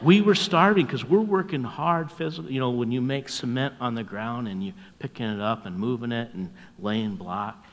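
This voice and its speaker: Older pastor guy telling folksy stories, chuckles a lot, goes soft and hushed sometimes, big reverby church. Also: lowish voice. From North America. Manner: folksy, chuckling, drops to a hushed voice at tender moments. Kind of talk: storytelling sermon.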